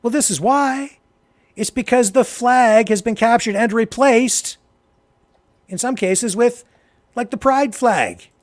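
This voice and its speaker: A Canadian man hosting a political talk show, delivering impassioned commentary that swings from low, quiet remarks to loud, emphatic outbursts. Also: takes it slowly. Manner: heated, addresses a co-host directly.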